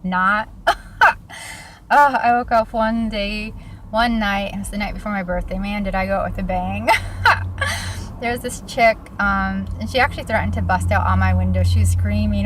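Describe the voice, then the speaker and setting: A young woman chatting through her own stories in a loose, casual way. She laughs often and fills gaps with ums and likes. Her voice sits at an ordinary middle pitch, with faint noise behind her. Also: steady tone, brisk. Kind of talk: casual storytelling vlog.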